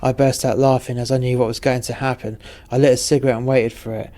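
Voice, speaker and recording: Guy telling a boozy story, dry and sweary, pretty monotone, mid pitch. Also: fast. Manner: wry, profane, deadpan. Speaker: narrator. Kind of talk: storytelling narration.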